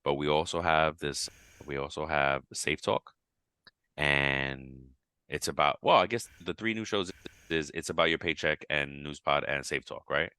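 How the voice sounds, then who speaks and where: Super deep guy on a podcast, bright forceful tone, dry close sound, gets animated and jumps way up high when acting stuff out. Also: measured pace, smooth, no echo. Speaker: podcast co-host. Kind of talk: casual podcast chat.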